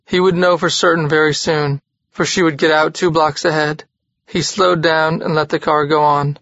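An audiobook narrator reading a literary novel in a steady, even manner. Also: medium pitch, moderate pace, no room sound, highs cut off.

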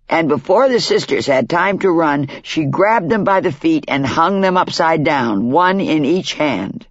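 Male narrator, slightly high husky voice, slow and expressive, dry lo-fi audio. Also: no echo. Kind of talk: scripted narration of a fable.

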